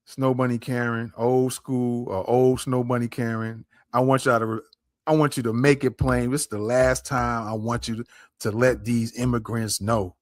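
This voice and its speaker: A man's voice: medium pitch, little pitch movement, normal speed, dry recording, clean studio sound. A man hosting a podcast, commenting on a clip in an emphatic way, repeating his points and speaking straight to his listeners. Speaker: podcast host.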